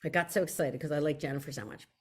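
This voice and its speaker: A woman's voice: low voice, racing, slightly rough. A woman with a Philadelphia accent, an author hosting her own video show, chatting effusively to viewers with many restarts and repeated words like "very, very.". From Philadelphia area. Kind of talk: casual chat to viewers.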